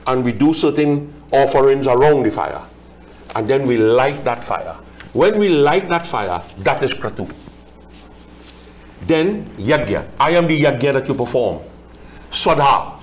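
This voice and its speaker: A man, a Hindu pandit explaining scripture in a religious discussion, chanting Sanskrit verses and translating them line by line. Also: on the high side.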